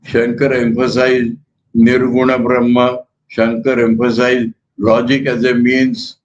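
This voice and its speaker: An older man with an Indian accent, a monk giving a spiritual lecture in a measured, emphatic way that repeats key words. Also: medium pitch, completely flat delivery, highs cut off, a little hiss or hum.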